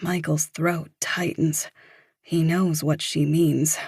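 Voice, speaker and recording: Woman reading an audiobook, low voice, real slow and even, dry close sound. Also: husky, dry recording. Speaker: audiobook narrator. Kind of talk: scripted audiobook narration.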